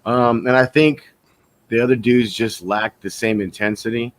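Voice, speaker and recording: A man's voice: mid-range voice, steady tone, moderate pace. Blunt laid-back male co-host. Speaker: podcast co-host. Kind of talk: casual chat.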